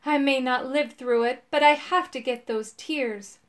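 A tearful, desperate father from a storybook, as a woman reader puts him on, sobbing and pleading. His voice sits high and strained. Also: unhurried. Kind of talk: storybook reading.

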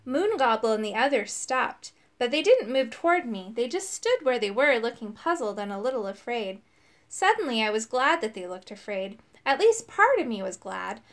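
Expressive woman reading a children's book. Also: on the high side, normal speed. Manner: expressive, shifting into character voices for quoted lines. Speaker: audiobook reader.

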